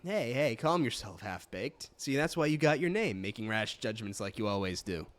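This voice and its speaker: A man voicing a friendly, rough-spoken male alpaca herder in a put-on Scottish accent. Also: mid-range voice, sing-song, normal speed, slight background noise, close to an everyday voice. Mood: easygoing.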